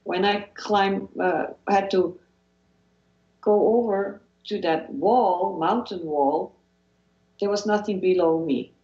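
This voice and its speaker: In a muffled, reverberant recording, a woman from Switzerland talks at a slow pace with a mellow, mid-range voice and a Swiss accent. As a guest hypnotherapist giving motivational interview talk, she is earnest, frequently restarting sentences and repeating herself.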